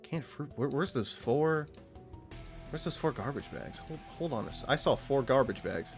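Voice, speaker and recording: A man's voice: mid-range voice, moderate pace, soft background music. A man in his late twenties, a streamer rambling and swearing through casual gaming chat. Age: late 20s. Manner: rambling, profane, animated storytelling.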